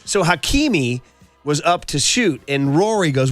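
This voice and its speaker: A man's voice: a little high, measured pace, no echo. A middle-aged man hosting sports talk radio in a studio, telling stories with lots of fillers. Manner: animated storytelling, frequent fillers.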